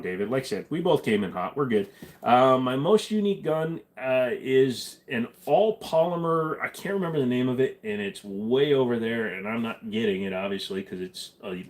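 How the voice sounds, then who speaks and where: A man hosting a casual livestream, chatting loosely with viewers, joking and rambling with lots of fillers and restarts. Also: medium pitch. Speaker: livestream host. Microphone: desk microphone.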